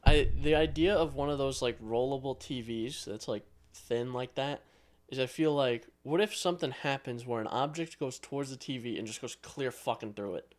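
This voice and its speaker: A man's voice: mid-range voice, moderate pace. A young man co-hosting a casual podcast, trading dry, profane jokes. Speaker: podcast co-host. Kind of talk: casual chat.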